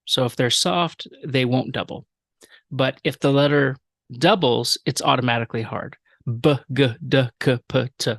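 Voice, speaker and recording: A man teaching a recorded language lecture, explaining rules with fillers and repeating example words slowly. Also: medium pitch, creaky, a bit bright, no echo, studio quality. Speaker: professor.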